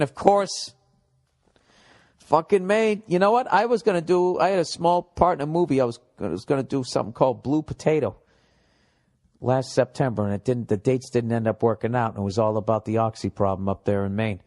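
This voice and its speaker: A man's voice: medium pitch, brisk, darkish tone. Blunt, profane comedian man. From United States. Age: middle-aged. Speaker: podcast host. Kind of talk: comedic podcast monologue.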